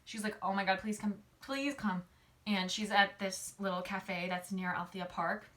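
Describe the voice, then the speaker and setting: A woman's voice: mid-range voice, steady tone, fairly bright tone. A woman casually recapping a novel in a chatty way, full of "like" and "um", briefly acting out the characters' lines. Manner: chatty, filler-heavy, uses "like" a lot; acts out characters' lines in quick quoted voices. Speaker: book summary host.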